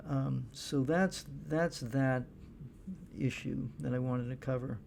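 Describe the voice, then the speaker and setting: A middle-aged man giving casual monologue commentary, halting often with fillers and restarts. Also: medium pitch, fairly even intonation, creaky, darkish tone. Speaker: political commentator.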